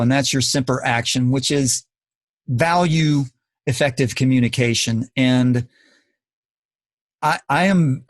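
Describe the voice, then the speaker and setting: Podcast host guy, earnest and preachy, mid pitch, dry sound. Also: no echo. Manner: earnest, lecturing, emphatic. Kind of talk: casual podcast talk.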